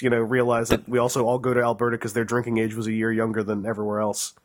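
A man's voice: medium pitch, flat delivery, very fast, few pauses. A man from Canada in a casual, joking podcast chat, rambling with lots of fillers. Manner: joking, rambling with many likes.

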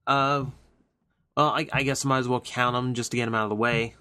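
A man on a podcast panel chatting casually, speaking in a hesitant, measured way. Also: medium pitch, steady tone, bright, forceful tone, clear, resonant tone. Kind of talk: casual chat.

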